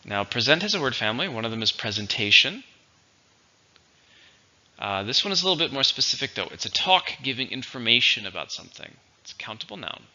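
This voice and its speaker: A man teaching English vocabulary in a slow, deliberate lesson, spelling out syllables and stress. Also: mid-range voice, sing-song, sharp tone, highs cut off. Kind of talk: recorded vocabulary lesson and dictation.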